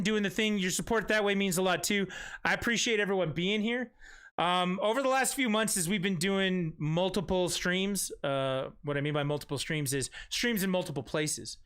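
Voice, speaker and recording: A man's voice: high-pitched, a bit bright, clean tone. A man hosting a live stream in casual chat, rambling with profane, self-mocking asides. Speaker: stream host.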